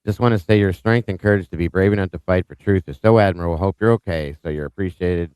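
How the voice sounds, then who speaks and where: A man's voice: deep voice, fast talker, darkish tone, clear, resonant tone, no echo. A man hosting a live true-crime stream, chatting casually and upbeat as he greets viewers by name, with small stumbles, on a close mic.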